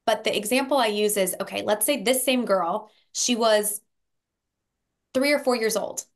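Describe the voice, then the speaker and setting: A woman therapist on a podcast, explaining in a lively conversational way, acting out example voices and often checking in with "right?". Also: medium pitch, moderate pace. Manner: animated storyteller, acts out quoted voices with frequent "right?". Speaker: therapist guest.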